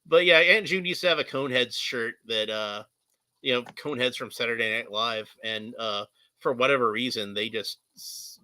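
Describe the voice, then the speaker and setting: A man's voice: mid-range voice, moderate pace, sharp tone. A man, chatting casually as a guest, rambling with many fillers and restarts and laughing often. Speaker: guest, artist and toy collector. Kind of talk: casual chat.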